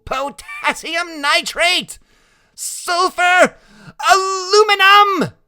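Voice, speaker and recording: A man voicing an excitable, tiny, brainy boy in an audiobook, shouting his exclamations. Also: a little high, moderate pace, no echo, clean studio sound, pitched above the performer's own voice. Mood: exultant. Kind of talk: audiobook character voice.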